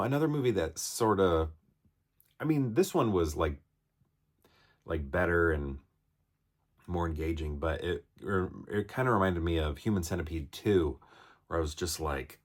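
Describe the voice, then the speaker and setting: A man's voice: sits low, animated, normal speed. A man reviewing a film in a casual, rambling monologue, with lots of fillers and restarts and acted-out quotes. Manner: rambling, many fillers and restarts, acts out characters' lines.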